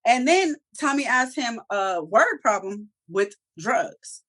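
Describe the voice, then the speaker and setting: A woman co-hosting a review show in casual chat, talking in an animated, profane way and acting out characters' lines. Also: a little high, slow. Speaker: TV review podcast co-host.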